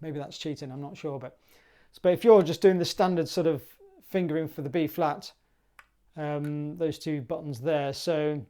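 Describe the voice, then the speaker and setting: A woman's voice: sits low, fairly even intonation, moderate pace, mellow. A woman teaching clarinet for a music exam, upbeat and chatty, singing rhythms aloud.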